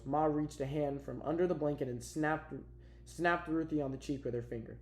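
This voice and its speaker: A man narrating a novel as an amateur audiobook, reading in a steady, plain way with small restarts. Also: on the high side, moderate pace. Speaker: audiobook reader. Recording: roomy echo.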